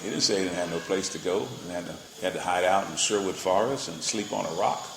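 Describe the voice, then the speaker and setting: A man's voice: sits low, fast, gravelly, noisy background. A male pastor preaching a sermon in a colloquial, playful way, often checking in with his listeners. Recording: roomy echo.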